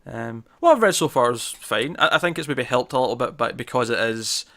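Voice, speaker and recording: Man, young adult, podcast host, casual chat, bright tone, self-mocking, rambling. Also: medium pitch, brisk. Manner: self-mocking, rambling, stumbles over words.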